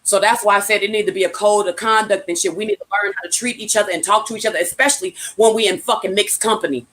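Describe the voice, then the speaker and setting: A woman's voice: medium pitch, steady tone, quick pace, a bit bright, a little hiss or hum. A woman from California giving a casual motivational talk, blunt and profane, repeating her key phrases like a preacher.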